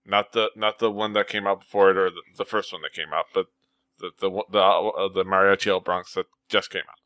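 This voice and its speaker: Bright, crisp-voiced male podcast host. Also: deep voice, little pitch movement, no room sound. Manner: rambling, filler-heavy, quick to laugh. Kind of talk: casual podcast chat.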